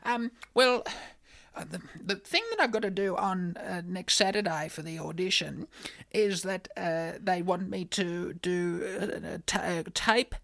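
A woman's voice: lowish voice, unhurried, vocal fry, a bit bright, no room sound. A woman playing a flustered, scatterbrained older woman who rambles and stumbles over her words in a comedy podcast. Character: flustered older woman, a would-be reality contestant.

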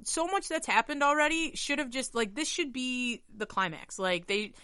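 A woman's voice: sits high, moderate pace, bright, forceful tone, clear, resonant tone, dry recording. A woman co-hosting a casual chat, wry and full of asides that trail off. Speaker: podcast co-host.

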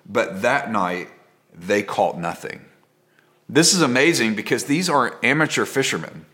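A male pastor preaching in a conversational, storytelling way. His pitch sits in a middle range. He repeats phrases for effect, and his voice sinks to a near hush on the key lines. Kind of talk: sermon.

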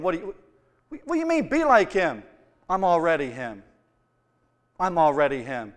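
A man delivers a sermon with a fairly high voice, swinging from fervent emphasis to easygoing storytelling. His words ring out in a church hall with a long reverb tail. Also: very animated, moderate pace, pauses often. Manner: impassioned, conversational storytelling with rising emphasis. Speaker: preacher. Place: church sanctuary.

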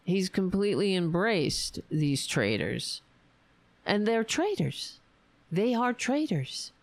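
Sarcastic, slow-talking woman ranting. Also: mid-range voice, sing-song, dry recording. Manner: sarcastic, profane, ranting with frequent asides; laughs at her own jokes. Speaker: political commentary host. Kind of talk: solo political commentary.

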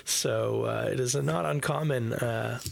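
A man hosting a podcast in casual chat, relaxed and hesitant, with many fillers. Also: medium pitch, unhurried, creaky, slight background noise. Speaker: podcast host.

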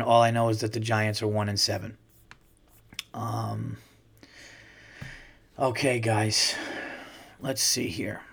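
A middle-aged man hosting his own podcast, chatting casually and swearing freely as he tells stories. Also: mid-range voice. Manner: profane, animated storyteller, swears freely. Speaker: podcast host; comedian. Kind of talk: casual solo podcast chat.

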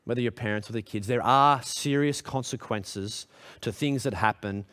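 Speaking at a normal pace with a slightly bright voice, this pastor delivers a sermon in a church hall. Earnest and direct, he questions the congregation, his pitch climbing at emphatic moments.

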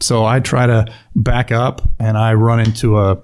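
Low-voiced man telling a vivid story. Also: steady tone, fairly quick, a little mellow, smooth. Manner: vivid retelling, acts out quoted lines, frequent restarts. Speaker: police officer guest. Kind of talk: storytelling interview.

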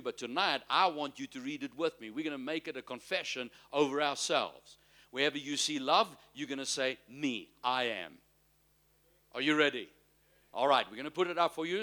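Bright-voiced preaching pastor, man. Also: fairly high pitch. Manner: preaching with call-and-response to the congregation; slows and stresses key phrases, swings from loud to soft. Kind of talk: sermon.

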